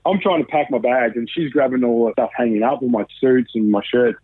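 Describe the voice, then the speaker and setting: A man's voice: mid-range voice, brisk, breathy edge, dry recording. A man in his thirties with an Australian accent, a guest telling a story candidly in a casual interview, swearing freely and retelling events with animation. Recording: dry, tinny phone line.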